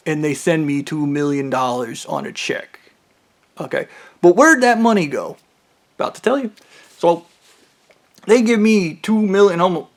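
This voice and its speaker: Rambling profane man with a high voice. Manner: profane, rambling, rapid tangents. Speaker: storyteller. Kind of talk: rambling personal monologue.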